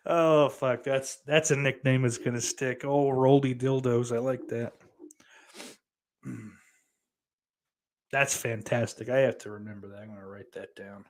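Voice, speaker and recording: A man co-hosting a podcast, reading live chat comments aloud in crude casual banter, laughing often and swearing freely. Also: medium pitch.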